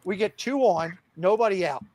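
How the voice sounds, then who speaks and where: Podcast co-host, middle-aged man with a high voice, casual and animated, acts out every quote. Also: normal speed, no room sound. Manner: animated, laughing storyteller who acts out quoted lines. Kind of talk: casual storytelling chat.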